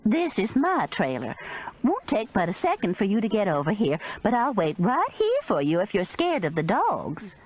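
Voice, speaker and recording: A woman's voice: mid-range voice, huge pitch swings, normal speed, highs cut off. A woman voicing a feisty older Southern grandmother who talks bluntly and curses, in an audiobook. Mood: instructive. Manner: blunt, cursing, loud.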